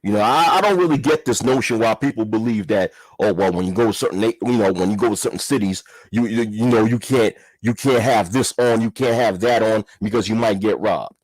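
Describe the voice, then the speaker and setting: A man's voice: lowish voice, brisk, hardly any pauses, a little mellow, no room sound. A man giving a heated, profane commentary rant, repeating himself and firing rhetorical questions. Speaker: commentary vlogger. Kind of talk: ranting commentary.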